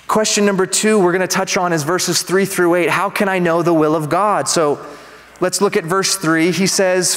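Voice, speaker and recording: Male pastor, bright upper register, animated teaching sermon, long hall reverb. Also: sits high, normal speed. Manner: animated, asks the congregation to respond. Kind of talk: expository sermon. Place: church sanctuary.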